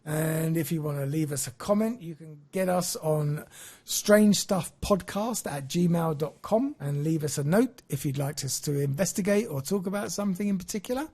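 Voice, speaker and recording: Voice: medium pitch, gravelly, slightly rough. Podcast cohost, gets worked up and rants, laughs a lot. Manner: excitable, ranting, laughs often. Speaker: podcast co-host. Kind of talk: casual podcast chat.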